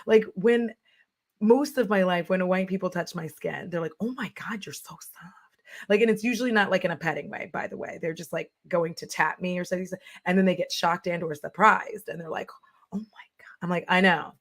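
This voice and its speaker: Brief: young woman livestream host, lively and emphatic, casual chat, laughs a lot. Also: on the low side, brisk. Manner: animated, emphatic, laughs often, acts out quotes.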